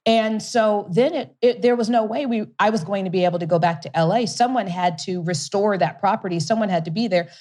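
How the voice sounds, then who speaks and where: A woman being interviewed as a guest, telling a story in an animated way, laughing often and repeating words for emphasis. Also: mid-range voice, a little fast, few pauses. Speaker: guest, company CEO.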